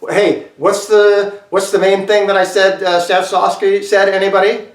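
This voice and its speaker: A man teaching an acting class over a video call, talking straight to his students in an animated way with lots of fillers. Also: sits high, normal speed. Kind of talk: online acting class lecture. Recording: echoey room, mic far off.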